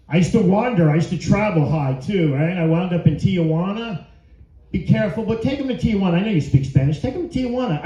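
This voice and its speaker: Brash stand-up comic, high voice. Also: male voice, animated, fairly quick, warm tone. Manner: crude, brash crowd-work delivery. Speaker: stand-up comedian. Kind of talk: stand-up set. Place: comedy venue before a live audience. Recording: roomy, dull live club recording.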